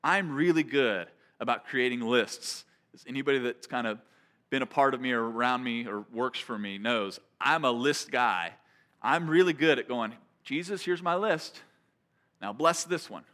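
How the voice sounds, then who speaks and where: A man's voice: mid-range voice, moderate pace, a bit bright. A man preaching a sermon, telling a personal story in a conversational, earnest way. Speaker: pastor.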